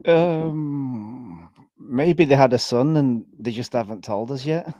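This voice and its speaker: A man with a Sheffield accent from Yorkshire, England, guests on a casual live reaction chat, chatty, giggly and opinionated. His voice is medium-pitched, mellow and slow, recorded dry.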